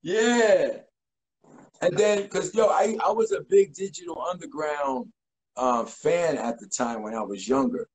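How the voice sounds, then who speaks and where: Male guest, 40s, lively storyteller who acts out quotes, slightly high voice. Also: measured pace, vocal fry, a little hiss or hum, rough recording. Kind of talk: casual interview storytelling.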